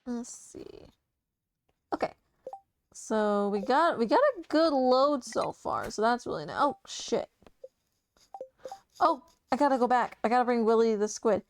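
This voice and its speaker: A woman's voice: on the high side, animated, normal speed, slight background noise. A young woman streamer chatting casually while playing a game, swearing freely and talking to her chat. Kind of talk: casual gameplay commentary. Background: soft game music.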